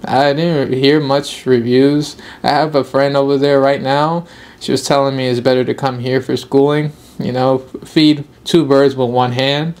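A man's voice: medium pitch, level tone, unhurried, a little mellow. A young man hosting his own video podcast, talking casually in a rambling, upbeat way and laughing easily. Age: young adult. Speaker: podcast host.

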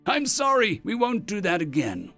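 A man playing a ruthless human fleet admiral who speaks with cold menace and raises his voice to shouting. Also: sits high, very animated, normal speed, creaky, faint music behind, pitched above the performer's own voice, heavily acted. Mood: menacing.

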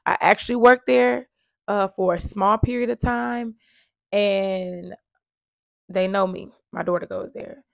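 A woman's voice: mid-range voice, unhurried, creaky, no echo, clean studio sound. A woman earnestly telling her own story of surviving domestic violence, with emphatic repetition. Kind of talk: emotional personal storytelling.

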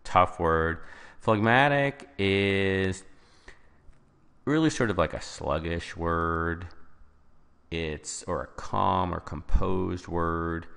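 A man's voice: sits low, extremely slow, vocal fry, a bit bright, clear, resonant tone, big-room sound. A man explaining vocabulary answers as a test-prep tutor, informal and thinking aloud with small restarts.

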